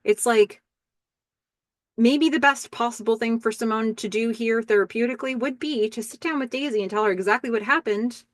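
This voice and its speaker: A woman's voice: on the high side, normal speed, no room sound. A woman hosting a podcast, recapping a TV episode in casual talk and quoting the characters in her own voice. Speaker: podcast host.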